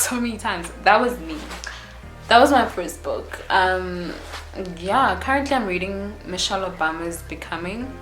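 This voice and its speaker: A young woman vlogs in a loose, rambling, animated way, peppering her talk with "like" and "yo". Her voice sits slightly low for a woman. The room rings with echo, and faint music plays under her. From South Africa. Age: young adult. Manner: chatty, rambling, animated, frequent "like" and "yo". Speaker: YouTuber. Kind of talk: casual chat to camera.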